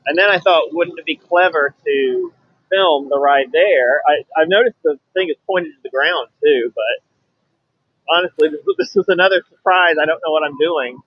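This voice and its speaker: A man's voice: a little high, moderate pace, no room sound, lo-fi sound. A man co-hosting a casual livestream while riding his motorbike, chatty and laughing often. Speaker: livestream co-host. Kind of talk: casual chat. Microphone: camera on a bike mount.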